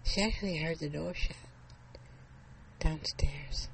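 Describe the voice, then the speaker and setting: A storyteller telling a suspense story slowly, dropping into whispers at tense moments. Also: mid-range voice, fairly even intonation, vocal fry, slight background noise, low-quality recording. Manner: slow, suspenseful narration with hushed whispers. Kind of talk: told story.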